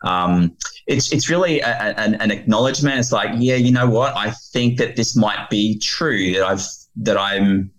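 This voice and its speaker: Earnest man with a lowish voice. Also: moderate pace, rough recording. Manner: earnest, quotes scripture. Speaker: guest speaker on fatherhood. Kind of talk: earnest podcast conversation.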